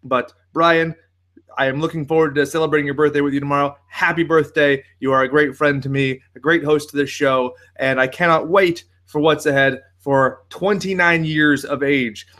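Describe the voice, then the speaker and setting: A man's voice: a little high, steady tone, moderate pace, pushed and bright. Sarcastic profane young man hosting. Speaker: podcast host. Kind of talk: solo podcast monologue.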